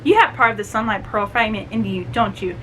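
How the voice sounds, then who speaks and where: A woman voicing Obsidian, a calm, aloof masked male warrior, in a lower, even voice while retelling a book. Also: fairly quick, slight background noise, close to an everyday voice, poor audio.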